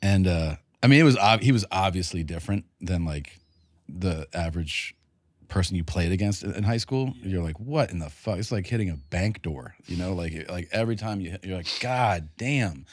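A man co-hosting a casual podcast chat, a lively storyteller whose voice jumps when incredulous. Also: deep voice, normal speed, dry recording. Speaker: podcast co-host.

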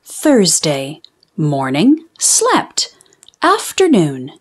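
A woman voicing a sleepy, bossy, carrot-demanding wombat in a children's storybook, with deadpan diary entries and sleepy words whispered. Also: on the high side, exaggerated voice.

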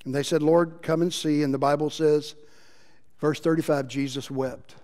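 A man preaching a sermon as pastor, impassioned, moving between loud emphasis and quiet passages. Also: fairly high pitch, fairly even intonation, normal speed. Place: church sanctuary. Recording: long reverb of a church hall.

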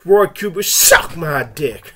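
High, bright-voiced man ranting crudely. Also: animated, takes it slowly, rough recording. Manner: crude, crass and rambling with frequent restarts; angry, taunting outbursts. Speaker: vlogger. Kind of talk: rambling profane rant to camera.

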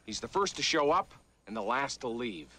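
A man's voice: mid-range voice, very animated, moderate pace, bright, forceful tone, a little hiss or hum. An actor playing a blunt, wry middle-aged male bobsled coach lecturing his team in a film. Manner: blunt, instructive. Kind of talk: film dialogue.

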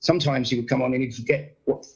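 Gravelly comedian telling stories. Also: male voice, medium pitch, fast, muffled recording. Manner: animated storyteller, frequent impressions, blunt swearing. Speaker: guest comedian. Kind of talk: casual anecdote telling. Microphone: video call.

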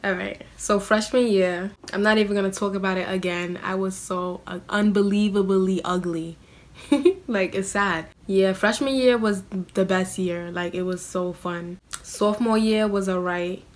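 A woman's voice: medium pitch, fairly even intonation, normal speed, few pauses. A young woman, chatting in a casual question-and-answer vlog. She is self-mocking and scatters "like" through her talk. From New York City. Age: young adult. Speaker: vlogger.

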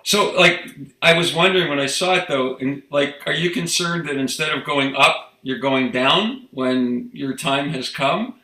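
A man's voice: on the high side, a little slow, pushed and bright. A man hosting an interview, asking questions in a teasing, playful way. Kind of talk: casual interview conversation. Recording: echoey room.

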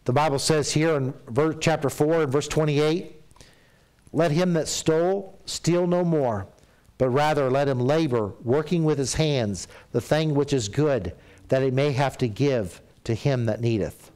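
A middle-aged man preaching a sermon in a church, telling stories and acting out quoted voices, at times dropping to a soft, confessional tone. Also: a little high, a little slow.

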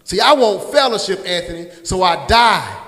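Man, pastor, very high voice, lively sermon, call-and-response, church hall reverb. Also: normal speed. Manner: call-and-response preaching, addresses congregants by name. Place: church sanctuary.

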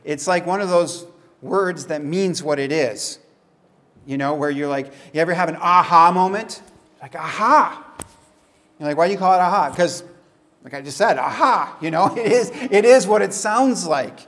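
Chatty high-voiced male pastor. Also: a bit bright. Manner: casual, chatty, with asides and quick laughs. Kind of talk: conversational sermon.

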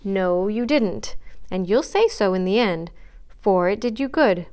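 A woman reading aloud the part of a frank, observant young woman who gently scolds a friend. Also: medium pitch, lively intonation, measured pace, smooth, natural voice. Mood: lecturing. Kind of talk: read-aloud storybook dialogue.

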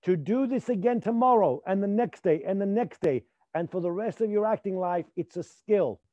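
A man teaching a live acting class, emphatic and repetitive, sometimes dropping to a hushed voice to demonstrate. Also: sits high, normal speed, no room sound. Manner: emphatic, repeats points, drops to near whispers to demonstrate.

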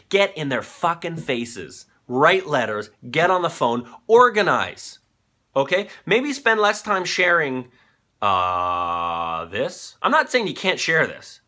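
A man's voice: on the high side, pushed and bright. A man in his thirties hosting a comedic news commentary show, ranting with profanity while on cold medication. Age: 30s. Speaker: host.

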